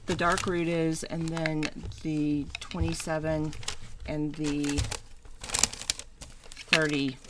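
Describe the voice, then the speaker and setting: A woman's voice: sits low, little pitch movement, takes it slowly, long pauses, very noisy. A woman co-hosting a wig shop livestream, casually explaining product details. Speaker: co-host presenting wigs. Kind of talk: casual chat, product presenting.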